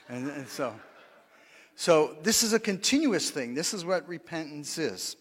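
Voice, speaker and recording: A man's voice: on the high side, big-room sound. A pastor preaching a sermon in a conversational way, often asking the congregation for responses and laughing at his own lines. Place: church sanctuary.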